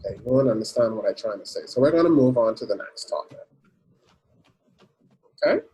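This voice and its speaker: A man's voice: mid-range voice, expressive, a little fast, warm tone, slightly rough, poor audio. A man hosting a casual podcast discussion, arguing his point and steering the conversation. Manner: argumentative, steering the debate. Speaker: podcast host.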